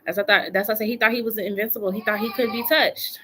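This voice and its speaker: A woman's voice: mid-range voice, steady tone, rapid-fire, fairly bright tone, a little hiss or hum. A woman doing a casual live tarot reading from home, chatty and colloquial, repeating phrases for emphasis. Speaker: tarot reader.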